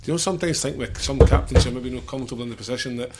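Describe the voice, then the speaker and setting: A Scottish man teases his mates at a brisk clip with dry humor. His voice sits at a middle pitch and he talks quickly. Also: very noisy. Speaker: podcast co-host, former footballer. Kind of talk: casual banter.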